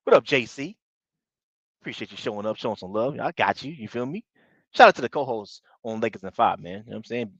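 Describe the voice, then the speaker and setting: A man's voice: medium pitch, lively intonation, quick pace, fairly bright tone, breathy edge, dry recording, dull audio. Slangy man hosting a sports live stream. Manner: slangy, repetitive, greets viewers by name. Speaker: basketball channel host.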